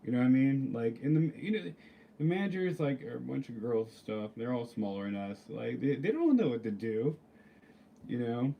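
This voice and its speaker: A man's voice: medium pitch, animated, moderate pace, creaky, dull audio, slight background noise. A man ranting casually to camera, rambling and swearing, with lots of filler words. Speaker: vlogger. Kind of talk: casual storytelling rant.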